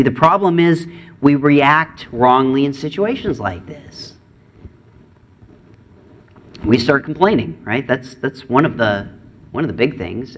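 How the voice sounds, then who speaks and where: A middle-aged man preaching a sermon, earnest, moving between raised and hushed delivery. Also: mid-range voice. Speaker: pastor.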